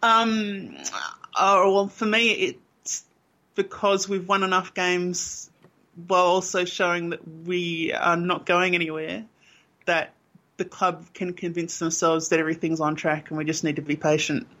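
A man's voice: sits high, flat delivery, a little slow, sharp tone. An Australian man co-hosting a casual fan podcast, blunt and opinionated, with frequent ums. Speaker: podcast co-host.

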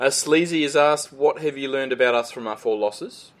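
An Australian man hosting a casual fan podcast, reading listener questions, passionate and prone to swearing. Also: moderate pace. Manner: passionate, swearing, trailing off low.

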